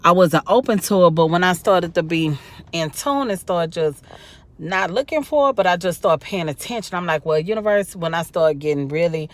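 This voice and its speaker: A woman's voice: lowish voice, moderate pace. Sleepy, rambling woman vlogger. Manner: rambling, chatty, many fillers. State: tired and sleepy. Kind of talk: casual talk to camera.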